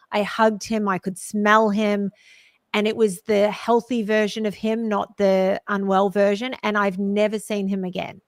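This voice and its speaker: A woman's voice: mid-range voice, no room sound, studio quality. A woman co-hosting a podcast, telling a personal story in an earnest, heartfelt way. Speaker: podcast co-host. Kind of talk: conversational podcast talk.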